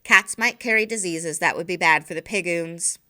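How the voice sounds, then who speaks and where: A weary, short-tempered mother in a read-aloud storybook, as a woman reader puts her on. She snaps out flat, curt refusals in a bright, crisp voice. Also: fairly low pitch, moderate pace. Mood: curt, exasperated.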